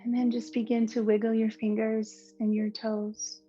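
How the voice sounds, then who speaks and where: A woman yoga teacher giving slow, soothing, gentle cues through relaxation and breathing. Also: on the high side, little pitch movement. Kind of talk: guided yoga and relaxation instruction. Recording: slightly muffled recording with soft instrumental music.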